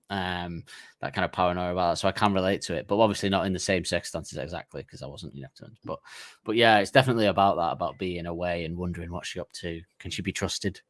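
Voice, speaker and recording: A man with a lowish voice chatting on a podcast, laughing often and wandering mid-sentence through fillers and restarts. His voice is recorded close and dry, with no room sound at all. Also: dry recording. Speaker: podcast co-host. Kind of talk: casual chat.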